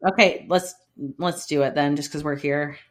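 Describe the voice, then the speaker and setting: A woman co-hosting a casual podcast chat, animated, laughing and swearing as she talks. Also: low-pitched, moderate pace. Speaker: podcast co-host.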